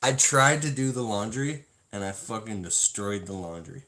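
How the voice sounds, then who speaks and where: A self-help video host casually reads from a self-help book to viewers, then wanders off into a rambling, self-deprecating story with a lot of swearing. He has a fairly low, animated voice at normal speed, captured on a low-quality recording.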